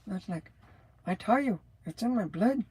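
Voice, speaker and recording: A New Mexico woman in her sixties, a truck driver who hosts a livestream, talks casually in a mid-range voice with lively intonation and a measured pace. Her sound is mellow and husky, as well as scratchy and rattly. She rambles, drifts off topic, and laughs often.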